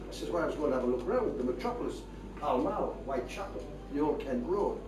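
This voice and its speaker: A man's voice: high-pitched, big pitch swings, brisk, noisy background. An older man with a Geordie accent, telling rambling comic stories on stage. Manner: chatty, rambling tall tales with a broad northern lilt. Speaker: stand-up comedian. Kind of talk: live stand-up storytelling. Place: stage before a live audience. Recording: echoey, distant live stage recording with crowd laughter. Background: audience laughing.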